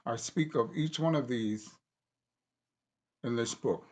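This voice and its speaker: A man reading aloud from a book he wrote, deliberate and halting, stopping to correct himself. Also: mid-range voice, darkish tone. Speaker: author reading his own book.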